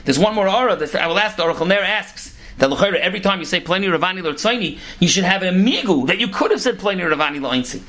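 Fast-talking man teaching Talmud. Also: high-pitched. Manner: rapid, animated explaining with Hebrew and Yiddish terms mixed into English. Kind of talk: Talmud lecture.

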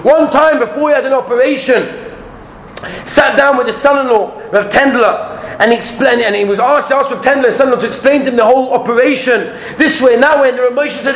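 High-pitched rabbi guy, telling stories lots of drama, roomy echo. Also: quick pace. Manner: storytelling, acts out quotes, swings from loud to hushed. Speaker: rabbi giving a shiur. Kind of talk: animated Torah lecture with stories. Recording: echoey room with faint background hum.

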